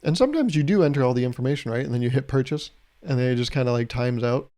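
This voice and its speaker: A man's voice: medium pitch, animated, very fast, warm tone. A young man hosting a solo podcast, talking in a loose, rambling, jokey way and chuckling at his own bits. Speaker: podcast host.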